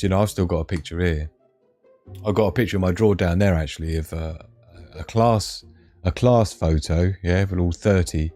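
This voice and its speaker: A middle-aged British man with a fairly low voice runs a casual live stream, reading out comments and cracking jokes. He laughs often and talks straight to his viewers. Faint music plays underneath. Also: animated, normal speed, a little mellow. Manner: jokey, laughs often, chatty asides to the chat. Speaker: livestream host.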